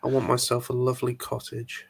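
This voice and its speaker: British guy on a chat call, jokey and teasing, middle pitch. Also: monotone, brisk, vocal fry, husky. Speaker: chat guest. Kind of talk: casual chat.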